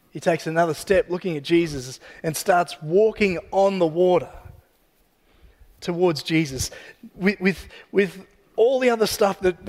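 Preacher type: man with a high voice, relaxed and joking as he tells the story, in a big echoing church hall. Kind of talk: sermon. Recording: long hall reverb.

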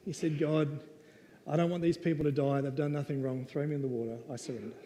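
A man's voice: on the high side, warm tone. A man preaching a casual storytelling sermon, conversational and playful. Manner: conversational and playful, with lots of "right?". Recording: long reverb of a hall.

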